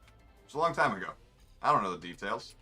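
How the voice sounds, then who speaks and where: A man's voice: lowish voice, very animated, fast, bright, forceful tone, husky, soft background music. A man, rambling in wry, offhand asides while commenting on his racing game. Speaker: gamer streaming a race. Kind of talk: casual gameplay commentary.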